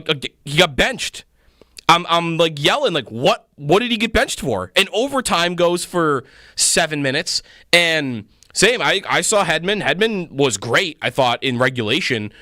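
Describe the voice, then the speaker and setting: A man co-hosting sports talk radio, firing off animated, opinionated takes. His voice is bright and a touch high. The studio sound is close and dry. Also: dry recording. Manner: animated, opinionated, quick bursts.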